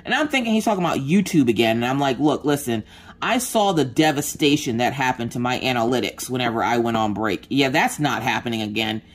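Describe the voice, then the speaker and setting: A woman's voice: rumbling low, a little fast. A woman, chatting casually and acting out the voices in her story while she crafts. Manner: animated storyteller acting out quotes, mild swearing. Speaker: craft vlogger.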